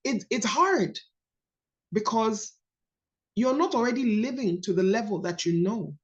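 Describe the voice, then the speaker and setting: A woman in her thirties with a Nigerian accent, leading a coaching call on a book study in a lively, emphatic teaching manner. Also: fairly high pitch, measured pace, dull audio. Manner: animated, storytelling, emphatic. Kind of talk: casual teaching talk.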